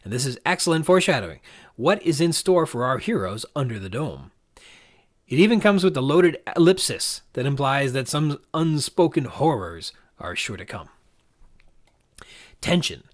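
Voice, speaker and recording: A male podcast host unpacks a book passage by passage, his pitch rising and falling with plenty of movement. He sounds measured and thoughtful, weighing each point as he goes. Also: very animated. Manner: measured, reflective, analytical reading. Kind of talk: literary analysis podcast.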